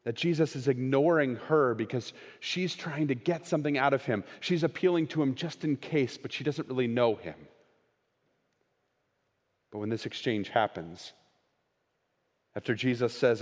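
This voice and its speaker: A man preaching a sermon, swinging between raised, quoted lines and hushed, slowed emphasis. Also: medium pitch. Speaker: pastor. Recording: long hall reverb.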